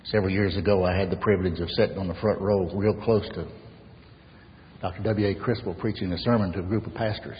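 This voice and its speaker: A man preaching an earnest sermon as pastor, swinging from raised emphasis to soft near-whispers. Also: low-pitched, steady tone, fast, in a large hall, muffled recording, slight background noise.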